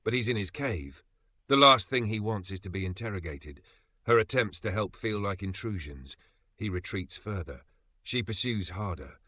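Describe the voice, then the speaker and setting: A man narrating a self-help audiobook in a steady, explanatory way. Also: lowish voice, normal speed, no room sound.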